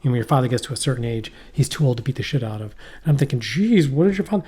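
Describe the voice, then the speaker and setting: A middle-aged man chatting on a podcast, his voice dark and mellow. He rambles, swears freely and keeps breaking off mid-thought to start again. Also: medium pitch, steady tone, racing, breathy edge. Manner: rambling, profane, trails off and restarts. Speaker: podcast co-host. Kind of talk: casual chat. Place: poorly heated shack.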